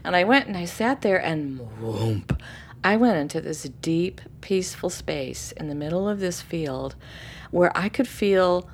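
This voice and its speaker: A woman telling a personal story in casual conversation, animated, acting out quoted voices and dropping to a hushed tone for calm moments. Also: unhurried, a little hiss or hum. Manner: animated, acts out quoted voices with sudden high bursts; drops to soft, hushed narration for calm moments. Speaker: interview guest.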